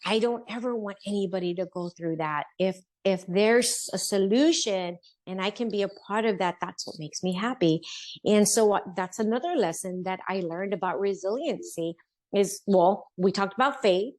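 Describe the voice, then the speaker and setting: A woman's voice: mid-range voice, moderate pace, darkish tone. Earnest middle-aged woman telling her story. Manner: earnest, heartfelt, acts out quoted speech. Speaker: podcast guest, business owner. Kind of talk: personal storytelling interview.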